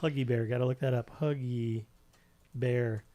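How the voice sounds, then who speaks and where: A man co-hosts a live chat show from his home, joking and wandering off on tangents as he stumbles over words. His voice sits at an ordinary middle pitch. He keeps the tone loose and playful throughout. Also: steady tone, normal speed, mellow. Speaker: co-host. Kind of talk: casual chat.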